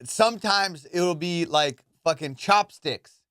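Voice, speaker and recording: A podcast host tells loose, profane stories and slips into his friends' voices to act out their lines. His voice sits a little high for a man. The sound is dry and close, with no room around it. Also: slow, smooth, no echo. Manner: animated, profane storyteller who acts out friends' lines. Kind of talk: casual storytelling chat.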